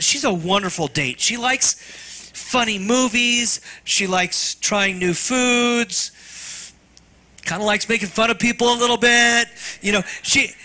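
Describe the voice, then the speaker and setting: Man preaching, slightly high voice, bright and forceful, earnest and tender. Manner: earnest and tender, often dropping to a hush. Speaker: pastor. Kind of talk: sermon.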